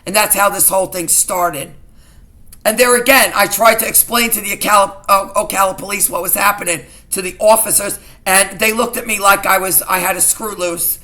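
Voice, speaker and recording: A woman's voice: medium pitch, steady tone, moderate pace, pushed and bright. A middle-aged woman vlogging to her viewers in an emotional personal rant, indignant and agitated, often repeating herself.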